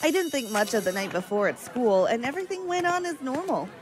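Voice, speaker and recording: A woman's voice: on the high side, very animated, a little fast. A woman reading a scripted first-person story with earnest, dramatic delivery. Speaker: story narrator.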